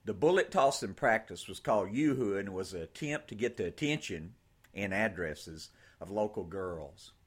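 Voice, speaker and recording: Husky low-ish guy reading a story slowly, voice rises and falls a lot. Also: lively intonation. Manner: slow, measured storytelling. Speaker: audiobook narrator. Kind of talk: scripted narration.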